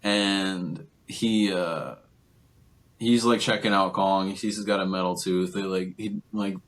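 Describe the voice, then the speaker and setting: Deep-voiced young man rambling through a recap. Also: steady tone, a little slow, fairly bright tone. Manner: rambling, filler-heavy retelling with lots of "like" and "um". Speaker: podcast co-host. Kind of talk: casual movie recap chat.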